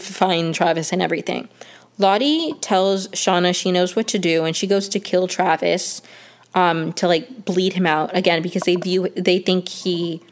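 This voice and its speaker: A young woman casually recapping a TV episode, chatty and full of fillers and restarts. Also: on the low side. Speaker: show recap host.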